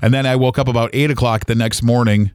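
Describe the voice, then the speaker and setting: Podcast host, middle-aged, from Ohio, personal story told haltingly, dry close sound. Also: male voice, mid-range voice, fairly even intonation, darkish tone, smooth, no echo. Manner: halting, emotional retelling with many restarts.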